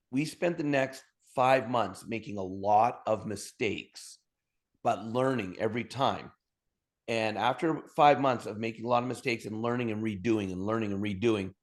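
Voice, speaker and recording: Energetic man telling stories. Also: on the low side. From Alberta, Canada. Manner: energetic, humorous storyteller acting out dialogue. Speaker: podcast guest. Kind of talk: storytelling interview talk.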